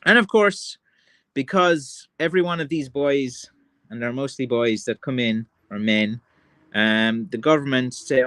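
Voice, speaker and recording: An Irish man holds forth on his livestream, his talk winding through a run of "like" and "you know" as he works himself up. His slangy speech is full of "man" and "lads", and his voice sits at an ordinary middle pitch. The recording is dry, with no room sound around him. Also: a little slow, no room sound. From Ireland. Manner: rambling and excitable, full of fillers like "like" and "you know". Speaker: livestream host. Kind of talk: casual rant on a livestream.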